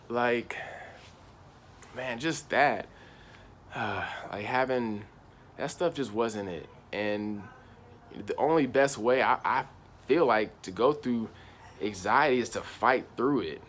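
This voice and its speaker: A man's voice: mid-range voice, slight background noise. Young man rambling through a personal story. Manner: slangy, rambling, repeats "I was like". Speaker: channel host.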